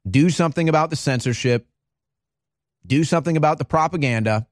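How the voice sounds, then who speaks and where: A man's voice: a little high, a little fast, no room sound, clean studio sound. A man hosting a live show, giving emphatic, ranting political commentary. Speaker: host.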